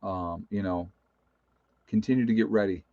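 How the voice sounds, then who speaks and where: A man's voice: fairly low pitch, normal speed, no room sound, phone-quality sound. A man hosting a casual livestream, reading out viewer comments and chuckling often. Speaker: livestream host.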